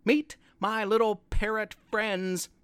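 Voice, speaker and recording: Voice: mid-range voice, level tone, slow, a bit bright, clear, resonant tone, no room sound. Narrator voicing a cheeky runaway parrot. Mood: smug. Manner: cheeky, talks back.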